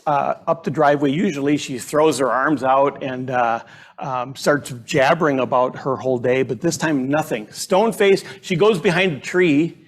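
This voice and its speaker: A middle-aged man preaching a sermon in a church, conversational and halting, with frequent fillers and restarts. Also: medium pitch. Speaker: pastor. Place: church sanctuary.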